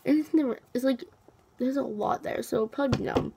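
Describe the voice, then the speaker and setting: A teenage girl chatting to her camera with a numb mouth, a bit slurred and full of fillers. Her voice sits somewhat high with a gravelly fry running through it, over a faint hiss of background noise. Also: brisk. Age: teens. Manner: rambling, lots of fillers, counting aloud. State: mouth numb from dentist anesthetic. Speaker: vlogger. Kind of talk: casual vlog to camera.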